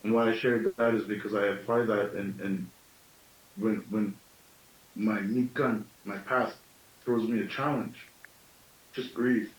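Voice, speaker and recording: Storyteller, male, late thirties, slightly deep, musing teaching talk, recorded far off in an echoing room. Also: fairly even intonation, unhurried, long pauses. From Canada. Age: late 30s. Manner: thoughtful, with self-questioning asides.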